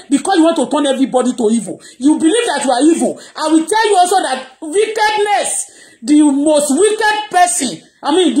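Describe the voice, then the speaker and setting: High voiced nigerian lady ranting live, raises her voice a lot, yoruba native. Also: darkish tone. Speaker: blogger. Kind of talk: live social media rant.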